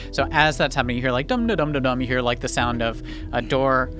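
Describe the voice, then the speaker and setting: A man's voice: medium pitch, fairly even intonation, fast. A man running a tabletop game as game master, narrating and encouraging his players enthusiastically. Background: music.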